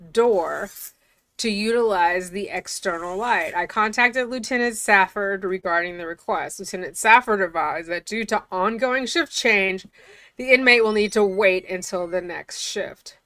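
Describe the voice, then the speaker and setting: A woman reads documents aloud and keeps breaking off into chatty, incredulous remarks. Her voice is bright and a little tense, sitting in the middle of the female range. The recording is close and dry. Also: medium pitch, measured pace, dry recording. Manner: chatty, incredulous, often laughing. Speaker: commentator. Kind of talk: reading documents aloud with casual commentary.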